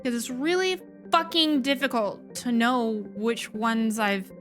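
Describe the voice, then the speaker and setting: Higher-voiced woman swearing through a game. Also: takes it slowly, fairly bright tone, faint music behind. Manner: chatty, frustrated, swears freely. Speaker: game streamer. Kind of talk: casual let's-play commentary.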